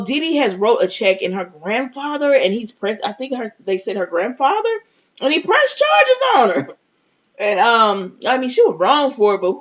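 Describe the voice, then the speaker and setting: Talking directly to her audience, a woman gives a casual recap and review of a TV episode, chatting away as her pitch rises and falls widely. Her sentences often start over, captured in lo-fi, muffled audio.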